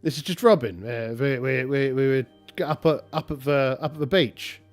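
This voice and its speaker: A man's voice: medium pitch, normal speed, dry recording, soft background music, natural voice. A man voicing a chatty, friendly local man in a solo tabletop game, who talks in a hesitant, rambling way.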